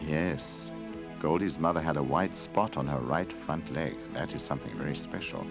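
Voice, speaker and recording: A man voicing an old forest tree who speaks quietly and sorrowfully in a storybook game. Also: rumbling low, normal speed, creaky, music in the background.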